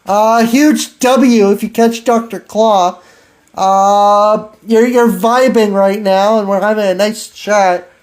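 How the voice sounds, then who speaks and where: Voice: mid-range voice, steady tone, slow, a little mellow. A podcast host in their thirties chatting casually, teasing playfully with slang and filler words. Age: 30s. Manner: slangy and playful, with lots of fillers and laughing asides.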